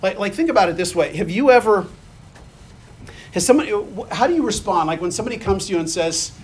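High-voiced man preaching conversationally. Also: expressive, quick pace, darkish tone, husky. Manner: conversational, asks the listeners questions; reads scripture aloud and acts out the quoted lines. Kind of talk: sermon.

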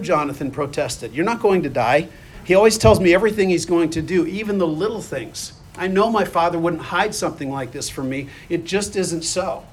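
A man's voice: fairly high pitch, slight background noise. A man preaching a sermon in a conversational way, asking the listeners questions and reading scripture aloud. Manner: reads scripture aloud and acts out the quoted lines.

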